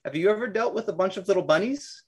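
Man with a lively, high-ish voice. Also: fast, breathy edge. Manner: playful, joking. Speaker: player. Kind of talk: casual chat.

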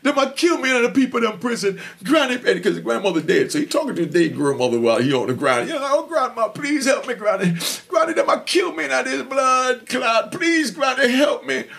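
A man's voice: a little fast, gravelly, fairly bright tone, full character voice. A man putting on a pleading young Jamaican inmate. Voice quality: high, desperate pleading.

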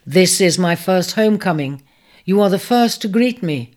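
A woman's voice: medium pitch, expressive, a little slow, a little mellow, voice pushed up, close to an everyday voice. Woman voicing a proud returning ram chieftain. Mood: exultant. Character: proud male ram returning leader, self-assured.

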